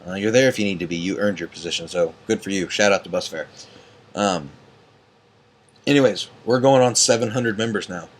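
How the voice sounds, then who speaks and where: A man's voice: low voice, brisk. A tired man ranting late at night as an online group admin, angry and profane, rambling with many fillers. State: tired and yawning.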